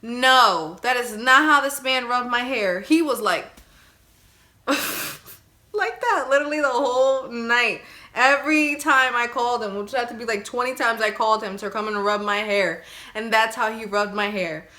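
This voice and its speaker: A young woman casually telling her birth story to her viewers, chatty and animated, acting out her own crying and pleading. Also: on the high side, moderate pace. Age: young adult.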